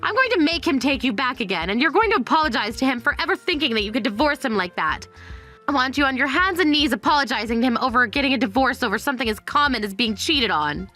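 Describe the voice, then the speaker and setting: A woman's voice: high-pitched, animated, quick pace, pushed and bright, full character voice. A synthetic woman's voice reading a greedy, insulting middle-aged mother in a text-message story. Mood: scolding. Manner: harsh, insulting. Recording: faint music underneath.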